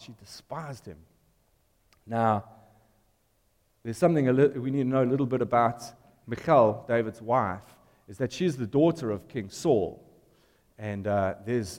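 A man's voice: medium pitch, a little mellow, in a large hall. A man preaching a sermon in a conversational, storytelling way, putting questions to the congregation.

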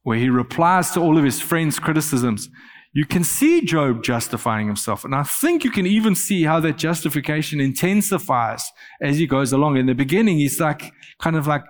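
A man preaching a sermon, earnest, growing animated as he quotes scripture. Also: a little high, fairly quick, big-room sound. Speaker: pastor.

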